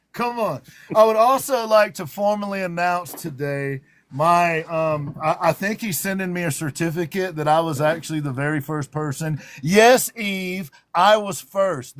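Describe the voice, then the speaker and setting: A man with a Southern drawl hosting a livestream talk show, playful and teasing and laughing often. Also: fairly high pitch. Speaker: host.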